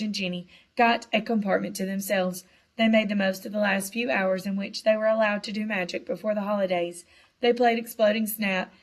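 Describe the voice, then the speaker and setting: A woman narrating a children's novel with a lively, expressive reading. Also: medium pitch. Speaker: audiobook narrator. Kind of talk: storybook narration.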